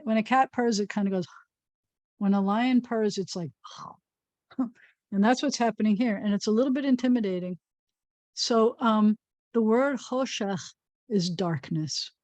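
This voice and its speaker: A woman's voice: mid-range voice, mellow, dry recording. A woman rabbi teaching a Hebrew reading lesson, patiently explaining and sounding out words.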